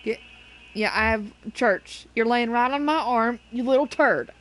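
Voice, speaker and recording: Woman gamer, casual commentary, cursing, talks to her cat, fairly high voice. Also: a little slow, a bit bright. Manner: swears often and scolds her cat between remarks. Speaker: gameplay streamer.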